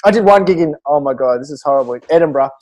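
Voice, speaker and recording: An Australian man, a stand-up comedian, telling animated stories in casual chat with quick restarts and laughs. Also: on the high side. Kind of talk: casual storytelling.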